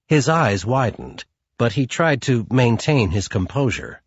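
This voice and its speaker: Slow, husky male audiobook narrator. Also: medium pitch, sing-song, no echo, muffled recording. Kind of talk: scripted narration.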